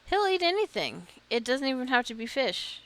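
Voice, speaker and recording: A woman's voice: sits high, big pitch swings, moderate pace, fairly bright tone, pitched above the performer's own voice, full character voice. A woman reading aloud as a cheerful, motherly female hobbit innkeeper in a video game, with gushing welcomes. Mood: reassuring.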